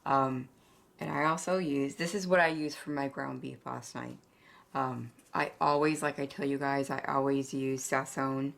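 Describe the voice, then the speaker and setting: A woman's voice: very deep voice, fairly even intonation, normal speed, vocal fry, a bit bright. A woman hosting a home cooking vlog, short of breath and talking in a rambling, emotional way with lots of fillers. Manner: rambling, filler-heavy and emotional, addresses viewers as "you guys". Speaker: home cooking channel host. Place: home kitchen. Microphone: camera on a tripod. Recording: echoey room, mic at a distance.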